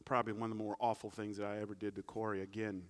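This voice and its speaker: A man preaching a sermon, swinging between big loud climaxes and quiet, humorous storytelling asides. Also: on the low side, little pitch movement, very fast. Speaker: pastor.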